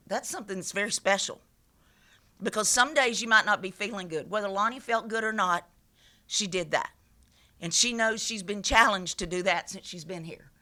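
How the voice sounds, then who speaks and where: A woman's voice: mid-range voice, bright, forceful tone. A woman head coach speaking at a press conference, emphatic and passionate, repeating her key points.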